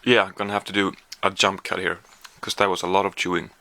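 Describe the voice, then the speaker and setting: Deep-voiced man doing a candy taste test. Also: little pitch movement, quick pace, bright, forceful tone, a little hiss or hum. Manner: chatty, hesitant with many fillers, talking while chewing. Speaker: vlogger. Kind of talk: casual taste-test vlog.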